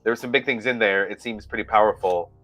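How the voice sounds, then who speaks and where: A man running a tabletop game as game master, giving steady descriptive narration. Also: lowish voice, fast, soft background music, low-quality recording.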